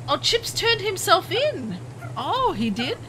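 A woman's voice: extremely high pitch, slow pace, slight background noise, low-quality recording. A woman streaming gameplay, chatting on and eagerly greeting viewers by name. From Southern Hemisphere. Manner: chatty, greets chat by name with bursts of excitement. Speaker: game streamer. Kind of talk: live gameplay commentary.

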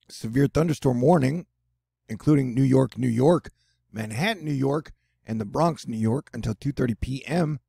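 Man hosting casual weather news, jokey and rambling, gravelly, husky. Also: medium pitch, animated, normal speed, dark tone, dry recording, clean studio sound. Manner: jokey, rambling, self-deprecating asides. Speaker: host of a news and weather channel.

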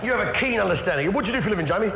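A man's voice: high-pitched, expressive, very fast, creaky, heavy background noise. A man doing stand-up comedy in a big venue, brash and mocking, swearing often. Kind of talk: stand-up comedy in front of a crowd. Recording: roomy live show with loud crowd.

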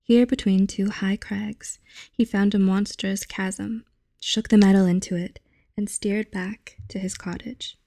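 Soft-spoken young woman reading aloud. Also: mid-range voice, steady tone, creaky, dry recording, clean studio sound. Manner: soft, unhurried, often half-whispered. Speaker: channel host reading aloud. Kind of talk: reading a fairy tale aloud.

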